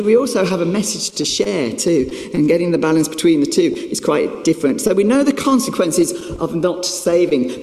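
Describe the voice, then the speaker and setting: A man's voice: on the high side, darkish tone. A man preaching a sermon, telling a self-mocking story in an emphatic way. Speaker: pastor. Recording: echoey hall with long reverb.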